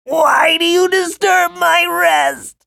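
Giant ancient worm, shrill, howling, very high, slow and strained, dry close sound. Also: male voice, huge pitch swings, creaky, sharp tone, no room sound, heavily acted. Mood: wailing.

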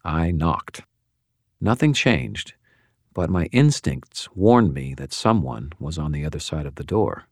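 An extremely deep male voice reads a first-person story in a wry, measured way. The recording is close and bone-dry, with no sense of room. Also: big pitch swings, dry recording. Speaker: narrator. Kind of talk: first-person audiobook narration.

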